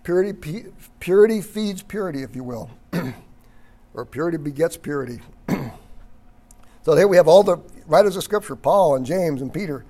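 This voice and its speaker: A man teaching a Bible study lecture, reading passages aloud, stressing key words and often clearing his throat. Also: on the high side, lively intonation, moderate pace, a little mellow. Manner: emphatic on key words, occasional chuckle.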